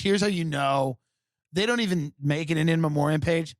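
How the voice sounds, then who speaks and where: A man's voice: a little high, a little fast, dry recording, clean studio sound. Rambling, sardonic man from Long Island. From Long Island, New York. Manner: rambling, sardonic, jumps between voices. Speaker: comedian podcast host. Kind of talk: casual storytelling.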